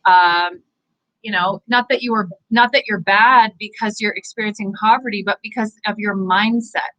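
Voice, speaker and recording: A Canadian woman, a psychic medium, giving an earnest, encouraging inspirational talk to viewers, animated and full of fillers. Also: medium pitch, moderate pace, dull audio. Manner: animated, gestures with her hands. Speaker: psychic medium hosting live angel readings.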